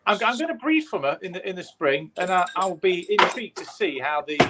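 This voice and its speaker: A man's voice: high voice, very animated, brisk, heavy background noise. A man chatting casually as a guest on a live stream, wondering aloud with a curious manner. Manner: curious, thinks aloud with restarts. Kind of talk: casual chat.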